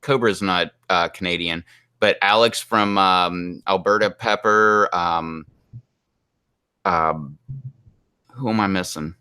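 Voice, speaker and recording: A man with a Pittsburgh accent hosts a relaxed live stream, chatting casually and breaking into laughs. His voice sits a little low but sounds bright and forward. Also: slow pace, long pauses, clear, resonant tone. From Pittsburgh, US East Coast. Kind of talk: casual chat.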